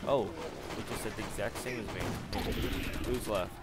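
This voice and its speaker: A man's voice: fairly low pitch, steady tone, moderate pace, over music. A man giving profane, sarcastic commentary over his own video game play, ranting and swearing at it. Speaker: gamer commentator. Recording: game audio noise behind.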